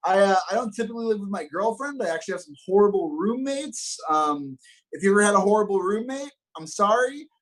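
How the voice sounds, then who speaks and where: A young man from Los Angeles doing a stand-up comedy set, upbeat and self-mocking, with deadpan punchlines. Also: sits high, fairly quick, low-quality recording. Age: young adult.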